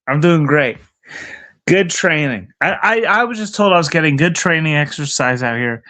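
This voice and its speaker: A man's voice: on the high side, animated, normal speed, bright, forceful tone. A man livestreaming outdoors in the cold, ranting angrily and profanely at his chat and at himself.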